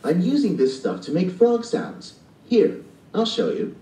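A man's voice: high voice, huge pitch swings, a little slow, warm tone, voice pushed up, exaggerated voice. A man voicing an eager young boy who is obsessed with frogs, in a recorded storybook reading. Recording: distant and echoey playback.

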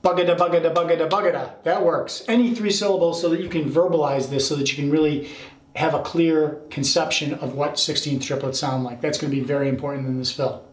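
A man's voice: a little high, brisk, slight background noise. Man teaching drums in an echoey room. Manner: counts rhythms aloud, checks in with "okay?". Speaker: drum teacher. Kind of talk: instructional explanation.

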